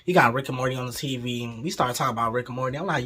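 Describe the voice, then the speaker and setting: A man's voice: mid-range voice, racing, hardly any pauses, fairly bright tone, husky. A young man telling a casual, candid storytime with lots of profanity, acting out the people in his story as he goes. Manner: acts out voices in the story. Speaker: vlogger.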